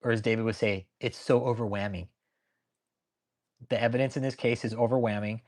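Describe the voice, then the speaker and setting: A man's voice: mid-range voice, steady tone, rapid-fire. A man hosting a casual commentary stream, talking bluntly and profanely in a rambling way and answering viewers by name. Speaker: channel host.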